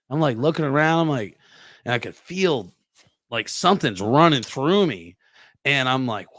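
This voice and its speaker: A young adult man telling a profane, animated story on a podcast, acting out sound effects as he goes. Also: mid-range voice, moderate pace, dry recording, studio quality. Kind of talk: casual storytelling.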